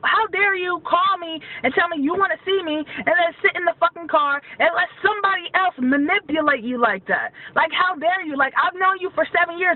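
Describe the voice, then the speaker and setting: A young man in his twenties, venting in a heated, profane rant to the camera, recorded with tinny, phone-like sound from a distance. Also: very high voice. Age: 20s. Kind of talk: angry personal rant to camera.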